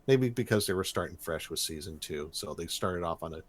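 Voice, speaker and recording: A man's voice: low voice, expressive, brisk, crowd noise. A man co-hosting a podcast, recapping a cartoon episode in loose, chatty storytelling with many fillers. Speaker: podcast co-host. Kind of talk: casual cartoon recap chat.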